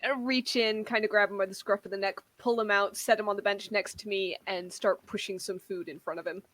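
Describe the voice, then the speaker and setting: Bright-voiced woman at a tabletop game. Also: mid-range voice, steady tone, fairly quick, no echo. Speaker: player.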